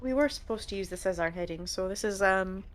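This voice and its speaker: A woman playing a tabletop game, joking and chatting in an animated way. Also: mid-range voice, brisk. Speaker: player. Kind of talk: casual tabletop game chat.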